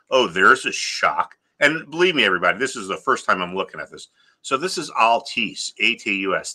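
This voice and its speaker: Animated middle-aged man ranting. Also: on the low side. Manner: exasperated storytelling, lively and animated. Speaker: stock trading educator. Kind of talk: casual ranting vlog and trading lesson.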